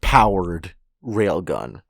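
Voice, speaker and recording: Man, podcast co-host, laid-back slow talk, casual swearing, dry close sound. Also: sits low, very animated, vocal fry, no room sound. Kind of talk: casual chat recapping a manga chapter. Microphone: podcast microphone.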